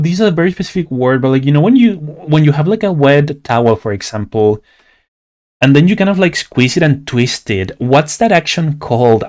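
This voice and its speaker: A man's voice: a little high, darkish tone. A young man from Latin America with a Latin American Spanish accent, chatting casually and playfully on a livestream while he draws, rambling with lots of "like". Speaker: streamer and artist.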